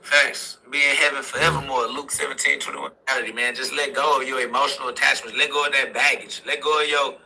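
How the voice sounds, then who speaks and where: A man's voice: medium pitch, fairly even intonation, brisk, gravelly, few pauses, pushed and bright, slight background noise, low-quality recording. A young man giving an impassioned, preaching-style motivational talk, driving points home with repeated exhortations. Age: young adult. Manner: repetitive exhortations punctuated with "facts". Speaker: motivational speaker.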